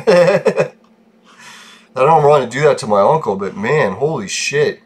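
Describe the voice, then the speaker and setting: Vlogger man, middle pitch, frustrated and sweary, venting to viewers in casual talk. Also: expressive, unhurried, slightly rough. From Canada. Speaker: gaming channel host. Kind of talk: casual vlog rant.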